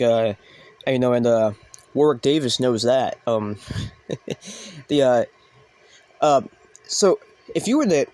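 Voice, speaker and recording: A man's voice: mid-range voice, darkish tone. A man hosting a comedy show, talking in a rambling, hesitant way with many ums and uhs. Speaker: host.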